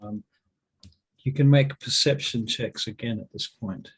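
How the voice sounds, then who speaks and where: A man narrating as dungeon master, relaxed and often pausing with ums. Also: medium pitch, vocal fry, slightly rough. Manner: relaxed, hesitant with many ums. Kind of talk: narrating a tabletop game.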